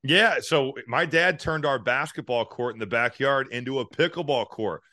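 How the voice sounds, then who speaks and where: Bright-voiced storytelling podcast man. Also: mid-range voice, moderate pace, no echo, clean studio sound. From Indiana. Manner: animated storyteller, laughs often. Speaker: podcast co-host. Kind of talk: casual sports chat.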